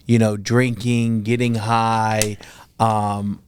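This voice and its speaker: A male podcast host sums up his guest's story in a slow, measured interview style. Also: on the low side, little pitch movement, a little hiss or hum.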